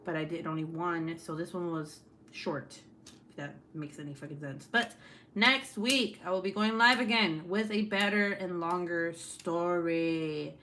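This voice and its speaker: A woman's voice: on the low side, unhurried, sharp tone, a little hiss or hum. Laughing, swearing woman livestream host. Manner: laughs often, swears freely. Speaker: livestream host reading chat. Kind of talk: casual livestream chat.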